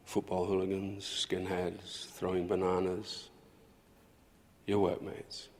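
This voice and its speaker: An actor playing a senior male consultant who speaks in a measured, lecturing way. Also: deep voice, completely flat delivery, a little mellow. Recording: roomy reverb.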